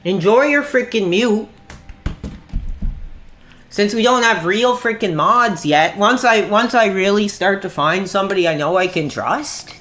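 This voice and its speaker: A man's voice: high-pitched, a bit bright. Irritable man in his thirties streaming. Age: 30s. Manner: irritable, quick to anger, says "dude" constantly. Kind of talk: casual gaming livestream chat.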